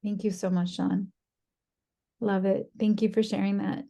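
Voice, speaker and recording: A woman's voice: medium pitch, flat delivery, measured pace, creaky, warm tone. A woman leading an online workshop on a video call, encouraging participants and reading their chat messages aloud. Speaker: workshop presenter.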